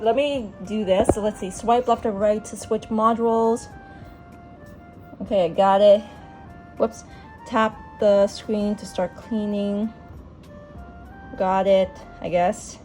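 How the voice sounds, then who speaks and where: A woman's voice: medium pitch, darkish tone. A young woman in a casual home vlog, chatting through an unboxing with lots of fillers and asides to her pets. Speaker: beauty vlogger. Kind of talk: casual product review vlog.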